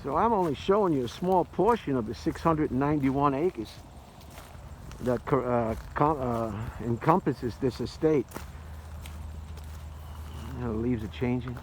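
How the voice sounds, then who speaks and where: A man's voice: medium pitch, unhurried, pauses often, slight background noise, poor audio. An older retired man rambling and joking as he films a casual walking vlog outdoors. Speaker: vlogger. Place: outdoors in an arboretum.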